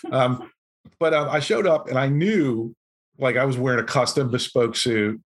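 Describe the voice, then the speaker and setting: A man guest on a podcast, telling a story in a casual, animated way and acting out what people said. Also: mid-range voice, moderate pace. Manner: animated anecdote-telling, acts out quotes. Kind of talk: conversational storytelling.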